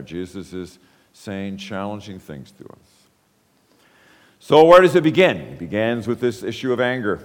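Deep-voiced man preaching in a reverberant hall. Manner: explanatory, emphatic when quoting scripture. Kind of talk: sermon.

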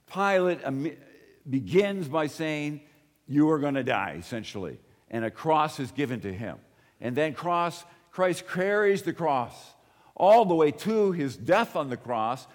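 Expressive preacher man, slow. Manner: expressive preaching, swells up on key phrases and drops low for personal asides. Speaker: pastor. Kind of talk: sermon. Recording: long hall reverb.

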